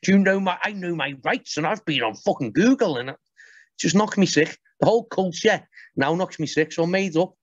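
A man's voice: high voice, animated, a little fast, dry recording. A man, a podcast guest telling stories in casual chat, blunt and sweary. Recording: dull, muffled podcast audio.

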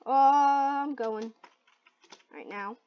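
A woman giving excited gameplay commentary, shrieking and laughing at close calls. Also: fairly high pitch, slow pace. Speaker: gaming video host. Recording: dull lo-fi mic.

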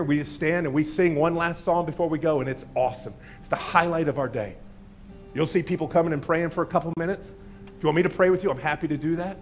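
A man who is a pastor, preaching an impassioned sermon in a church, swelling loud and dropping to soft asides. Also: on the high side. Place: church sanctuary.

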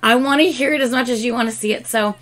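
A woman's voice: a little high, quick pace, fairly bright tone. A woman hosting a music reaction channel, talking casually to her viewers in a rambling, chatty way full of fillers, with a dry, scratchy throat. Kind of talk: casual talk to camera.

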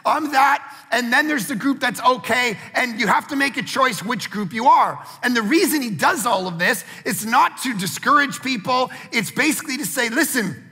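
High-pitched, animated male preacher. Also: normal speed, few pauses, breathy edge, in a large hall. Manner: animated storytelling preacher, acts out family dialogue. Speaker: pastor. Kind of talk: sermon.

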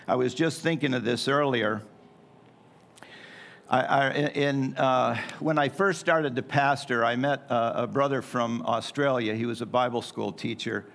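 A middle-aged man preaching a sermon in a church in a folksy, joking way with playful asides. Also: mid-range voice. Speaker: pastor. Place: church sanctuary.

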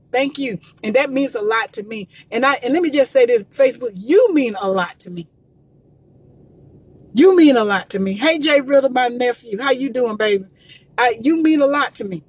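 A woman, from Georgia, speaks live into her phone from the roadside. Her voice sits a little high and husky. She talks in an emphatic, preachy way and repeats herself often. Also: dry recording. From Columbus, Georgia. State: emotional, near tears. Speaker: gospel promoter. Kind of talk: live social media talk. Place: in a car by the road.

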